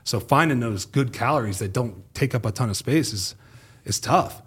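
Husky man telling a story with gusto. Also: medium pitch, normal speed. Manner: animated storyteller who acts out quoted speech, swears casually. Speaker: guest, former pro football player. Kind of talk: casual storytelling podcast chat.

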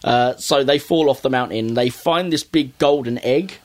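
A man's voice: mid-range voice, moderate pace. A man casually recapping a cartoon episode, acting out the characters' lines as he goes. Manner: animated storytelling, acting out characters' lines with raised voice. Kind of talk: casual chat.

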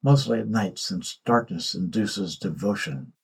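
A man voicing a calm, mysterious god in disguise who speaks quietly and without concern. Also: lowish voice, measured pace, creaky, breathy edge, exaggerated voice.

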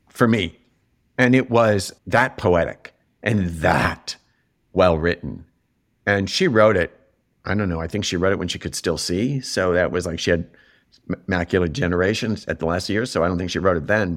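Man, low voice, middle-aged, interview guest, animated storytelling. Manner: animated storytelling, voice rises sharply when moved. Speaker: interview guest, television writer. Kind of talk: reflective interview talk.

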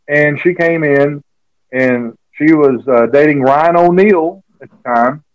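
A man's voice: fairly high pitch, slow pace, clean tone, no echo, dull audio. A man, an author being interviewed, telling a long rambling story with many fillers and restarts. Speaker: author and guest.

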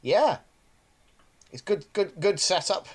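A man's voice: sits high, very animated, slow. Rambling, enthusiastic man. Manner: rambling, restarts a lot, enthusiastic. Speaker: podcast co-host. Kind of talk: casual podcast chat.

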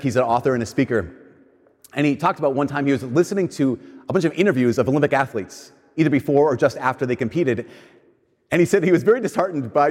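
A male pastor with a somewhat high voice preaches in a relaxed, conversational way. He slows down for emphasis and hurries through his asides. A long reverb hangs on every phrase, like a large hall. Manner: conversational preaching, shifts between slow emphatic lines and quick asides. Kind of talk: sermon.

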